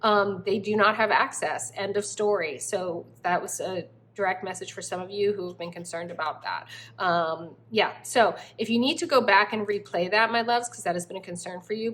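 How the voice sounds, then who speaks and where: A woman's voice: lowish voice, steady tone, fairly quick, hardly any pauses, a bit bright, slight background noise. A woman doing a spiritual tarot reading, effusive and affectionate, often exclaiming as she turns the cards. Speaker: tarot reader.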